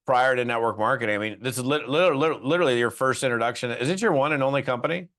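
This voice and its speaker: A man's voice: mid-range voice, fast talker, a bit bright. A man from the US West Coast hosting an interview podcast, chatting casually and joking with his guest. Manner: jokey, friendly, says "you know" and "uh" a lot. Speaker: podcast host.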